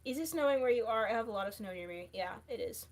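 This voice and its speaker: A woman's voice: a little high, lively intonation, fast talker. A woman who is losing her voice hosts a casual livestream, reading viewer comments aloud and answering them. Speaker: livestream host.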